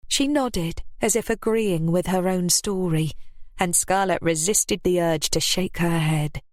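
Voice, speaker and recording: A woman narrating an audiobook in a steady, measured manner. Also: fairly low pitch, dry recording, clean studio sound.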